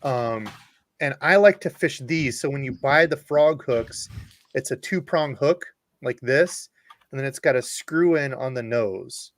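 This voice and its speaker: A man's voice: medium pitch, measured pace, no echo. A man hosting a live fishing stream, explaining gear and joking in casual chat.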